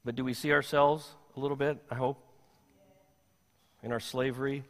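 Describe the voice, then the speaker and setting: A man preaching a sermon as pastor, animated, acting out the voices of the people in his story. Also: normal speed. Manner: animated, voices the Israelites in a high anxious pitch. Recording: long hall reverb.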